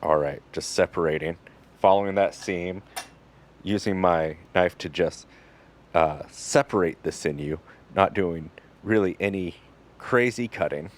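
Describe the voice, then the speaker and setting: A man working as a butcher who explains his cuts step by step in a casual, instructional way. He talks in a relaxed, joking manner with fillers. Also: deep voice, a little slow.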